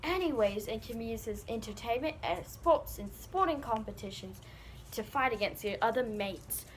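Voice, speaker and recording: Brief: high-pitched girl, playful school-project presenter who drops crikey and mate. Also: lively intonation, moderate pace, slight background noise.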